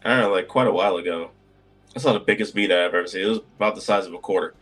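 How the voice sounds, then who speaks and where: A man's voice: deep voice, rapid-fire, fairly bright tone. A man co-hosting a podcast in casual chat, teasing his co-host and laughing often.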